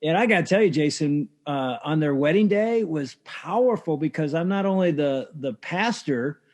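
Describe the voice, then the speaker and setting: A man's voice: a little high, animated, normal speed, a little mellow. An older man speaking as a podcast guest, earnest and emphatic, repeating key words as he talks about family. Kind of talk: interview conversation.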